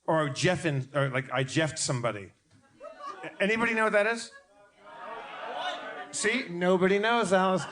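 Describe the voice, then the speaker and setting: A man's voice: high-pitched, normal speed, long pauses, a bit bright. A man co-hosting a live comedy podcast on stage, stammering through restarts and cursing freely. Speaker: podcast co-host. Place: live stage before an audience. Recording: live show with audience noise.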